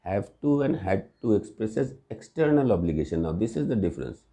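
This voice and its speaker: A man's voice: lowish voice, big pitch swings, brisk, warm tone. A man teaching English grammar in a recorded lesson, explaining patiently with examples and often checking with "right?".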